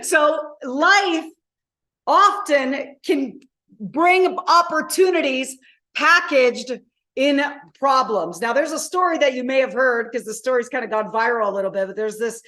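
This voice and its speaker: A high-voiced woman coach leads a live online masterclass. She tells her stories with emphatic, animated energy, and her voice comes through a video call. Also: measured pace. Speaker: motivational coach.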